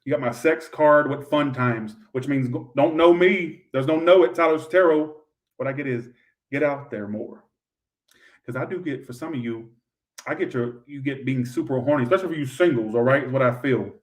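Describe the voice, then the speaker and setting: A man doing a live tarot reading, blunt and profane, breaking into loud outbursts now and then. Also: mid-range voice, a little fast, recorded from a distance. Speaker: tarot reader.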